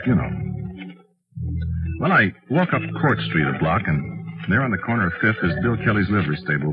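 An actor playing a flustered, folksy young time traveler who tells his story haltingly in an old radio drama. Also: lowish voice. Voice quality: folksy, halting, full of uhs and gee. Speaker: time traveler narrating his own tale. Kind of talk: 1940s radio acting. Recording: tinny old radio broadcast with music.

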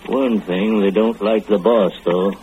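An actor playing a hateful, scheming rural man with rough country dialect, in 1940s radio style. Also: fairly low pitch, fairly even intonation, measured pace, a little hiss or hum, lightly acted. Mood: scornful. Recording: tinny old radio broadcast.

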